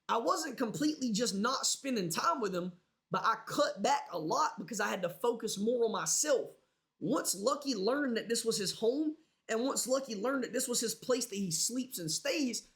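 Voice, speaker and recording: A man's voice: very high-pitched, vocal fry, a bit bright. A man livestreaming, rambling casually and swearing a lot as he talks straight to his chat.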